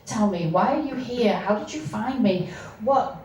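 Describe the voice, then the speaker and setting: A woman reading aloud as a young mother, confronting a man from her past in a sharp, angry way. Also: on the high side, lively intonation, unhurried, a little hiss or hum, pitched above the performer's own voice. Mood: furious. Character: frightened, furious young mother. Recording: echoey room, distant mic.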